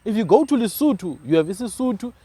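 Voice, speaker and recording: A high-pitched South African man talks with real force, punching his points home and tagging "man" onto his phrases. The sound is dry and close, with no room echo. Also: quick pace, husky. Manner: emphatic, animated, ends phrases with "man". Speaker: podcast host. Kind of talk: casual discussion.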